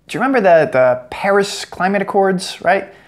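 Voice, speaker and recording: A man's voice: high voice, lively intonation, normal speed. Sarcastic American man commentating. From United States. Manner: sarcastic, joking asides. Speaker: political commentator. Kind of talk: commentary vlog.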